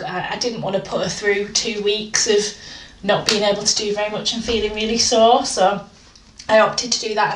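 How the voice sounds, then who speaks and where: A woman chatting candidly and self-deprecatingly in a casual art vlog from her home art room. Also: medium pitch. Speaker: art vlogger. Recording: roomy, distant home mic with faint noise.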